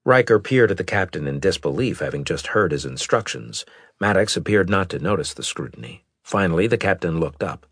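A man narrating a story in steady scripted storytelling, close to a studio mic. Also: sits low, fairly quick, slightly rough, no echo. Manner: steady storytelling with expressive character voices. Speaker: audiobook narrator.

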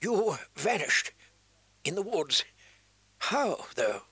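A man reading an audiobook voices a dying old maester, speaking softly and haltingly. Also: sits high, big pitch swings, slightly rough, no echo, pitched above the performer's own voice, heavily acted. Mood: weak. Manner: soft, faltering, broken phrases. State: weak, dying. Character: dying old male maester, gentle and weak.

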